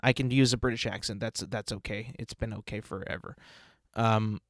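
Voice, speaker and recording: Podcast host rambling about food. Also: male voice, lowish voice, fairly even intonation, normal speed, no echo, studio quality. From United States. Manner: rambling, playful, savoring food talk. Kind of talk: casual solo podcast monologue.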